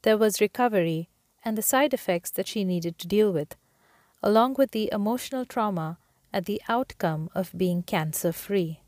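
A woman reading scripted narration in a measured, even way. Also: medium pitch, no echo.

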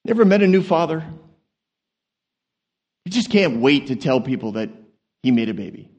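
A man preaching a sermon as an animated, joking storyteller, swinging from quiet asides to excited peaks. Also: medium pitch, moderate pace, lo-fi sound.

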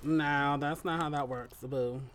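A man's voice: a little high, fairly even intonation, measured pace, a bit bright. A person who identifies as non-binary, sounding like a man, co-hosting a podcast in casual chat, teasing and sassy in banter. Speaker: podcast co-host.

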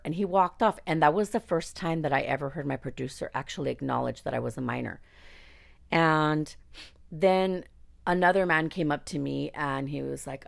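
Woman, low gravelly voice, blunt and outspoken, candid storyteller, swears freely. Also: moderate pace. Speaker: singer recounting her career.

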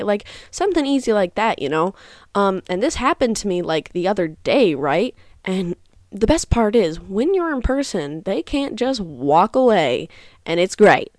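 Young woman, podcast host, casual advice talk, middle pitch, dry close sound, frank and chatty. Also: sing-song, normal speed, darkish tone, no room sound. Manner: chatty, frank, uses many fillers.

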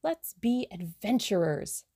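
A woman voicing a plucky, scheming young woman adventurer in a brisk, self-assured way. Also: mid-range voice, very animated, mellow, slightly rough, no echo, studio quality, exaggerated voice.

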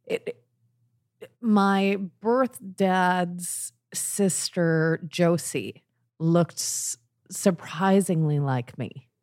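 A woman hosting a podcast in casual conversation, talking haltingly with many restarts and the odd swear word. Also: on the low side, darkish tone. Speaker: podcast host.

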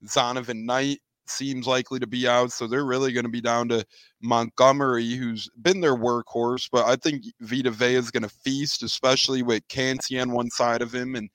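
A man's voice: mid-range voice, flat delivery, fairly bright tone, dry recording. Upbeat male podcast co-host, dry sound. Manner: upbeat, measured, builds on his co-host's points. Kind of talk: casual sports chat.

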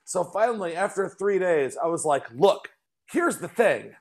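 A man in his forties hosting a podcast, telling a story in casual chat and acting out quotes in a high voice. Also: unhurried. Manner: animated, acts out quotes in a high voice. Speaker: podcast host.

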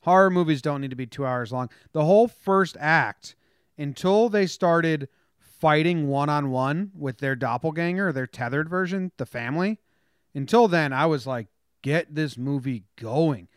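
A man's voice: a little high, normal speed, smooth, no echo, studio quality. A young man giving blunt, critical opinions in a casual movie discussion.

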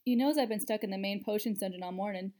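A woman's voice: medium pitch, fast, mellow, lightly acted. A woman voicing a scruffy teenage schoolboy wizard who grumbles and swears bluntly, in a storybook reading. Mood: grumbling.

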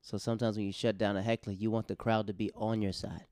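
A man who is a stand-up comedian, chatting casually and acting out voices in animated stories. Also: lowish voice, fast, no room sound, studio quality. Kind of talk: casual podcast chat.

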